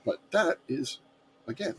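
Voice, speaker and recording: A man's voice: measured pace, a bit bright. A man with a muddled Southern American accent, a guest in a casual chat who rambles with many fillers. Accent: mixed Southern American. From Southern United States.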